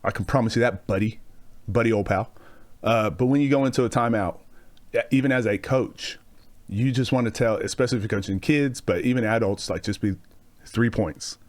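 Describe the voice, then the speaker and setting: A man's voice: medium pitch, fairly quick, a little mellow. Joking man reacting to basketball footage. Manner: joking storyteller, laughs often; rambling, self-mocking. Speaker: basketball video host. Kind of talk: casual reaction commentary.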